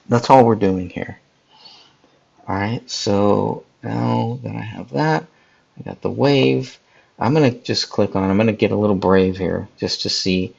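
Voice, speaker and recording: Gravelly low-voiced man walking through an edit. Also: highs cut off. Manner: talks viewers through each step, casual and chatty; speaks to live chat viewers. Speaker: podcast host. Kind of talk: live editing tutorial.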